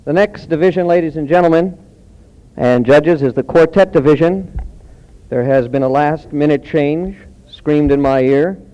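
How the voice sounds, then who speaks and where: A man's voice: fairly high pitch, moderate pace, dark tone. A man emceeing a college singing contest on stage, cracking offhand jokes between announcements, heard on a dull old archive recording. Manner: wisecracking, offhand asides. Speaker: master of ceremonies. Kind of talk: joking stage emcee patter.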